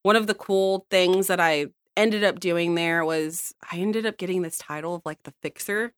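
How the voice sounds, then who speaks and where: Blunt chatty woman guest on a podcast, animated, dry close sound. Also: lowish voice, normal speed, smooth, no room sound. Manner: blunt, animated, laughing often. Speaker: podcast guest, account manager. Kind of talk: casual storytelling chat.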